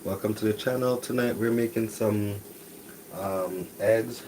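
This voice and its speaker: A man hosting a live cooking stream, talking softly and casually to viewers while he cooks breakfast. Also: lowish voice, a little slow, a little hiss or hum, rough recording. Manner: talks softly, relaxed and chatty. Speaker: cooking channel host. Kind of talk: soft-spoken live cooking stream chat. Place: home kitchen with cooking noise behind.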